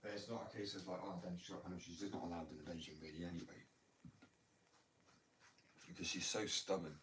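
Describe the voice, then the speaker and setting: Fast, deep-voiced man rambling casually. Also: fairly even intonation. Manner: rambling, loose, lots of "like" and "you know". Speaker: skateboarder talking about skating. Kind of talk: casual chat. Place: indoors at home. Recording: distant mic with faint noise.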